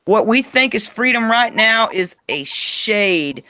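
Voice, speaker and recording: A man's voice: animated, slow, pushed and bright, dry recording. A man hosting a casual political chat, talking emphatically. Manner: emphatic, swings into high mock voices. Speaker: host.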